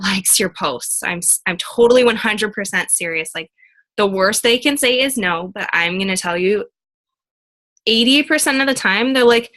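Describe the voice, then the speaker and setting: A woman's voice: mid-range voice, sharp tone, poor audio. A woman coach in casual talk, upbeat and laughing, acting out what others said to her. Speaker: team coach.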